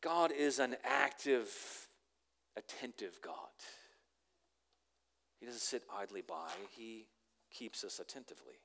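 A man preaching a conversational sermon, repeating words as he starts phrases and swinging from loud emphasis to near-whispered lines. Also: medium pitch, lively intonation, a little slow, pauses often. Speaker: pastor.

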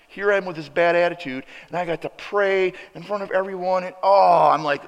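A man preaching a sermon, telling a personal story and acting out both sides of the dialogue with lively emphasis. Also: high voice, fairly quick, hardly any pauses. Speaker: pastor. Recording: preacher in a reverberant hall.

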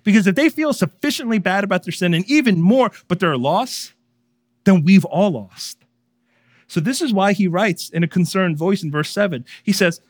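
A man preaching a sermon as pastor, speaking conversationally and moving between raised emphasis and hushed earnestness. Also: high voice, animated, moderate pace, no room sound, studio quality.

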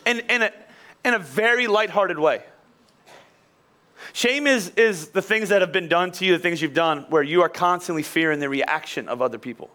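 High, bright-voiced pastor in his forties. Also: normal speed. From Philadelphia. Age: 40s. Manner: chatty, self-deprecating, frequent asides and restarts. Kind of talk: conversational sermon with personal stories.

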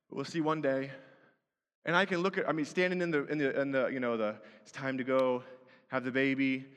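High-voiced preacher in a reverberant hall. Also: male voice, fairly bright tone. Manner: earnest, rising to emphatic repetition. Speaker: pastor. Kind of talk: sermon.

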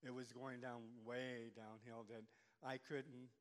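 An older man giving a personal church testimony, speaking haltingly with many restarts. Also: medium pitch, level tone. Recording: long hall reverb.

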